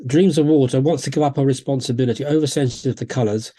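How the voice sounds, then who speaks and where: A man, a homeopath guest on a podcast, telling stories in a relaxed, anecdotal way and acting out quotes. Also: medium pitch, fast, slightly rough. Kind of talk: conversational storytelling.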